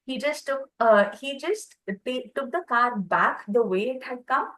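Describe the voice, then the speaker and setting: A woman teaching a Reiki class, telling personal stories in a lively way and acting out the voices of the people in them. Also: high-pitched, a little slow, rough recording. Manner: lively storyteller, acts out quoted voices.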